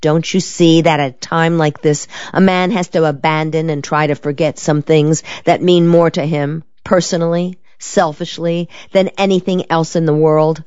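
A woman's voice: low-pitched, fairly even intonation, normal speed, hardly any pauses, darkish tone, clean tone, no room sound, muffled recording, natural voice. A woman reading the lines of an earnest, determined young male soldier in a clipped, serious way.

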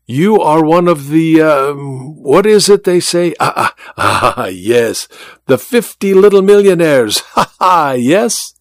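A man's voice: on the high side, expressive, takes it slowly, no room sound, clean studio sound, pitched above the performer's own voice. A man voicing a suave, sly blind stage magician with a grand, playful manner.

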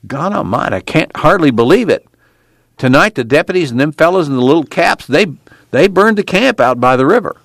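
A man voicing an eager young farmhand who speaks in excited rural speech. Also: medium pitch, normal speed, no echo, studio quality. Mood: amazed. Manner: excited drawl, rural grammar. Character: restless young farmhand, male, amazed and eager.

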